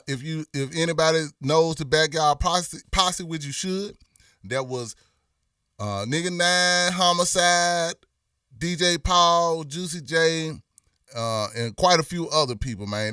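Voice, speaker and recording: A middle-aged Memphis, Tennessee livestream host drawls lazily through viewer comments, sprinkling in "you know what I'm saying", with a voice a little worn from performing. It sits a little high and sounds unhurried, sharp and smooth. The studio-quality audio is free of room sound and recorded from afar.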